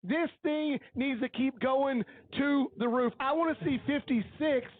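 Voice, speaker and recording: High-voiced man breaking down football plays. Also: measured pace, phone-quality sound. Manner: analytical, coach-like breakdowns of plays; earnest and openly emotional. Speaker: color commentator. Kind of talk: high school football commentary.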